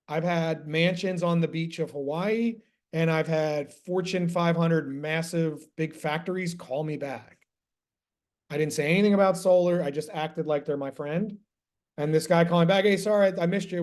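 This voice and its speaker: Blunt, profane solar sales coach. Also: male voice, a little high, a little mellow. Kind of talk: casual screen-share coaching.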